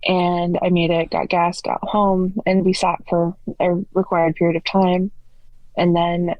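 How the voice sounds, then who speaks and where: A woman's voice: on the low side, level tone, measured pace, no echo, muffled recording. A woman in her forties from Canada, a podcast guest earnestly recounting her story in detail. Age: 40s. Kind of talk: storytelling interview answers.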